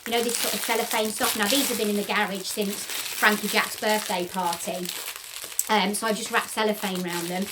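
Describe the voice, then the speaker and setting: A woman's voice: medium pitch, steady tone, fairly quick, very noisy. A middle-aged woman hosts a casual DIY craft tutorial, talking in a bubbly, rambling way with frequent ums. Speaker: host of a home crafts channel.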